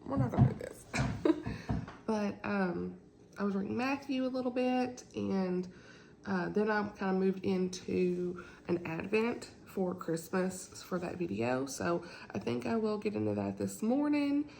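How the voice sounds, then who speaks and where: A woman's voice: unhurried, creaky, dark tone, a little hiss or hum, rough recording. A woman, chatting casually and rambling about books in a book vlog from home, laughing often. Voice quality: deep morning voice. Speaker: book vlogger. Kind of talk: casual chat.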